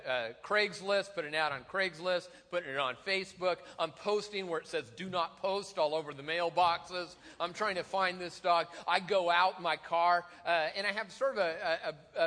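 A man's voice: high voice, pushed and bright. A man in his forties, a pastor, telling funny self-deprecating stories in an Easter sermon, often laughing. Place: large church hall. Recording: long hall reverb.

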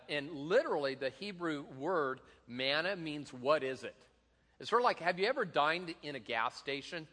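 A middle-aged man delivers a sermon as pastor of a church sanctuary, joking casually and often restarting sentences or using fillers. His voice runs fairly high with a sharp tone, echoing with long reverb from the large hall.

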